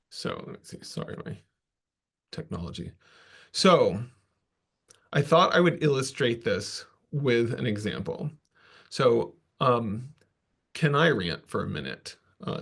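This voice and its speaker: Casual man telling a work story. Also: mid-range voice. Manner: casual, self-deprecating, loose asides. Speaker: conference presenter. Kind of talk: conversational storytelling talk.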